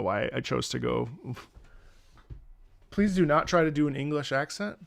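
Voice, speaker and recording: A man's voice: mid-range voice, lively intonation, moderate pace, creaky. A man streaming casual commentary on game music, rambling with restarts and humming melodies into a close mic.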